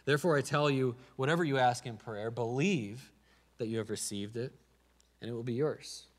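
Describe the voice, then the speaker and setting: A man's voice: mid-range voice, moderate pace. Conversational Midwestern American man preaching. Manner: conversational, repeats words when starting phrases. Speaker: pastor. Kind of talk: sermon.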